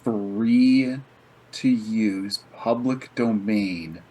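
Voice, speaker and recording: A man's voice: on the low side, drawn-out words, mellow, a little hiss or hum, low-quality recording. A man playing a tabletop game, chatting wryly and swearing casually. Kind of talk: casual chat.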